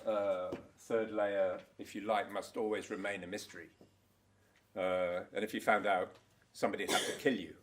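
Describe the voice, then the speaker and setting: An older man giving a loose, rambling conference talk, swearing now and then and laughing at his own stories. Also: fairly low pitch. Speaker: conference speaker. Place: conference hall.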